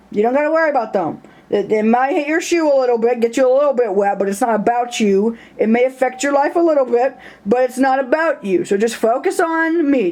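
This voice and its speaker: A woman voicing God as a gentle, patient male presence, soft and reassuring as he coaxes. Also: on the high side, lightly acted.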